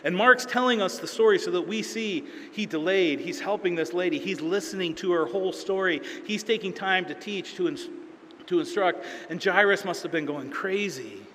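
A pastor preaching a sermon in a relaxed, storytelling way, acting out quoted lines in everyday speech. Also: male voice, high-pitched, moderate pace, slight background noise. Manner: conversational storytelling with acted-out quotes. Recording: reverberant hall, faint ambience.

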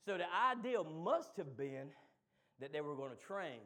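A man preaching a sermon, moving from quick low asides to loud, shouted call-and-response. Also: sing-song.

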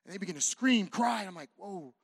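A man from California preaching as a pastor, telling a personal story in an animated way that swings from hushed to loud, with jokes for the congregation. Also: high-pitched, quick pace, breathy edge, dry recording, studio quality. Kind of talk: sermon storytelling.

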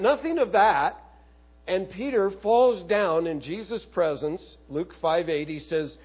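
A man's voice: high voice, lively intonation, measured pace, breathy edge, muffled recording. A man preaching an expository sermon, moving between Bible explanation and storytelling. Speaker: pastor.

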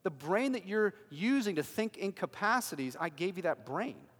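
A man preaching a sermon as a pastor, emphatic and swinging from loud declarations to hushed lines. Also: high voice, big pitch swings, normal speed, slightly rough, long reverb tail.

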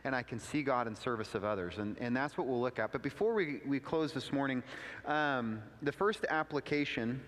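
Pastor preaching in a reverberant hall. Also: male voice, normal speed, a bit bright. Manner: conversational storytelling with asides, pitch rising for emphasis. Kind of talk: sermon. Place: church sanctuary.

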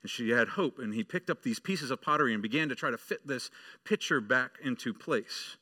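A man's voice: medium pitch, lively intonation, a little fast, pushed and bright. A male pastor preaching a sermon, telling a story to the children and building to emphatic preaching.

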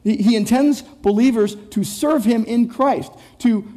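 A man's voice: very high voice, unhurried, warm tone. A man preaching an expository sermon, emphatic and repetitive, often restarting words and speaking straight to his listeners. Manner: emphatic, repetitive phrasing with frequent word restarts; rhetorical, addresses listeners directly. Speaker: pastor.

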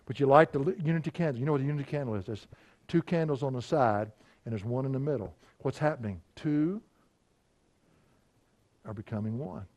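Folksy middle-aged pastor telling stories. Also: male voice, mid-range voice, fairly quick, long pauses, darkish tone. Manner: folksy, conversational, chuckling anecdotes. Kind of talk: storytelling sermon.

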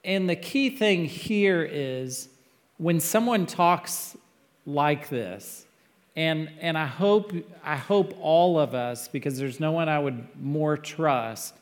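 A man preaching a sermon as pastor, earnest and emphatic, with sudden loud peaks. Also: on the high side, expressive, takes it slowly, in a large hall.

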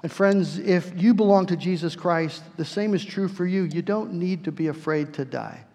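High-voiced preacher in a reverberant hall. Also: male voice, a little mellow. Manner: earnest, slows and swells for emphasis, repeats words. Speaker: pastor. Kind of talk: sermon.

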